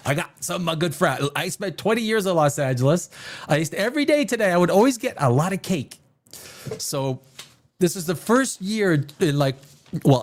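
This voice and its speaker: Animated, rambling man hosting a livestream. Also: a little high. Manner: rambling, joking, laughs often. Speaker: livestream host. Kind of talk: casual livestream chat.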